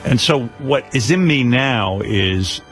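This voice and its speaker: A man's voice: mid-range voice, animated, takes it slowly, fairly bright tone, faint music behind. A man hosting a radio show, telling rambling self-mocking stories with lots of restarts. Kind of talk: casual radio talk.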